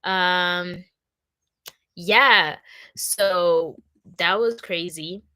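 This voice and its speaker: A woman's voice: lowish voice, drawn-out words, sharp tone, dry recording. A young woman from Congo chatting casually and upbeat on a livestream, with plenty of fillers. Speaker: content creator.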